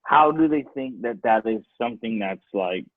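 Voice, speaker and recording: A man's voice: fairly low pitch, lively intonation, moderate pace, no echo, phone-quality sound. A man who is a guest on a casual podcast chat, laid-back and laughing often, swearing casually as he talks.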